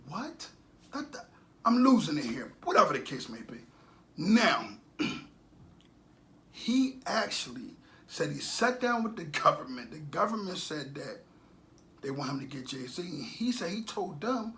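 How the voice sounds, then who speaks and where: A middle-aged man giving animated street-talk commentary, preachy and repetitive, firing off rhetorical questions and swinging between loud bursts and low muttering. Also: a little hiss or hum. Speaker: commentator on a social media channel.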